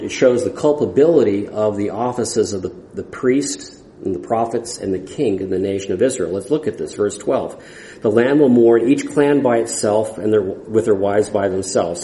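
A man delivers an expository sermon in a low, mellow voice. He speaks earnestly, pausing and restarting his phrases as he reads and explains scripture. The recording is roomy, with faint ambience from the church hall. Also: slight background noise. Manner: earnest, halting with restarts and fillers. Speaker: preacher.

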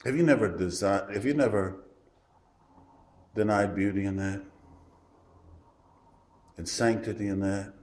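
A man preaching a sermon in a folksy, emphatic way, swinging from loud declarations to hushed asides. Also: lowish voice, unhurried, long pauses. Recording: roomy echo.

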